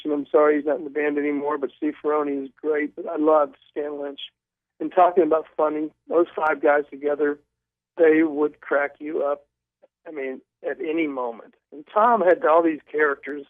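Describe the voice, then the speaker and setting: A man's voice: on the high side, normal speed, dry recording. Older man telling stories over a tinny phone line. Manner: animated storyteller, stumbling restarts. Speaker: guest author. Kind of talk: storytelling in a phone interview. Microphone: telephone.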